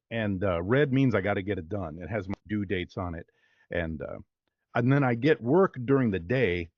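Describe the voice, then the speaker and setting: Man, low voice, rambling, upbeat, dry dull audio. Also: no room sound. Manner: rambling, upbeat, lots of fillers. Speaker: voice-over artist guest. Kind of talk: casual interview talk.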